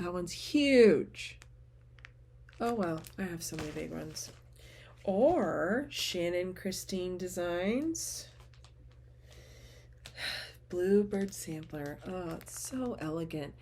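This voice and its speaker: A woman chatting casually to the camera at home as a vlogger, gushing and often trailing off into soft murmurs. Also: fairly low pitch. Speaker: teacher and cross-stitch vlogger.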